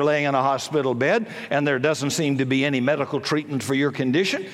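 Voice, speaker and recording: A man's voice: medium pitch, fairly quick, hardly any pauses, some chatter behind. An older man preaching a sermon, telling stories and building to fervent emphasis. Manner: storytelling, rising to fervent emphasis. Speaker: pastor. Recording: long hall reverb.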